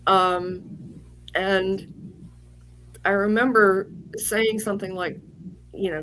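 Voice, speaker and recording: Woman, interview guest, candid rambling storytelling, mid pitch, faint background noise. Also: fairly even intonation, slow pace, long pauses, a bit bright, poor audio. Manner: candid, rambling, with fillers and restarts. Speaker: guest psychic medium.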